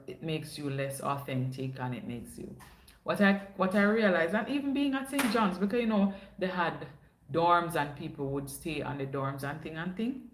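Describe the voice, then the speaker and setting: A young woman with a Jamaican accent, hosting a casual livestream chat and telling stories, slipping into patois now and then. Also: low voice. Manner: chatty storyteller, drops into patois. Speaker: livestream host. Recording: echoey room.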